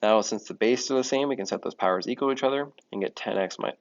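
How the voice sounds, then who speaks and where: A man's voice: on the low side, quick pace, creaky, hardly any pauses. A man teaching a math lesson in a casual explaining way, often correcting himself. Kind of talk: recorded classroom lesson. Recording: dull lo-fi audio.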